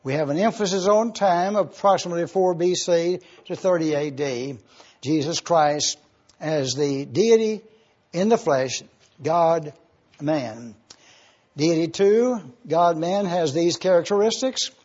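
A man preaching a sermon, explaining Greek words slowly and spelling them out letter by letter. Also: on the high side, a little mellow, lo-fi sound. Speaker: pastor. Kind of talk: sermon with Greek word study.

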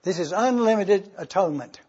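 A man preaching a sermon as pastor, emphatic, swelling loud on key phrases and dropping soft and low. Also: lively intonation, fairly quick, slightly rough, muffled recording.

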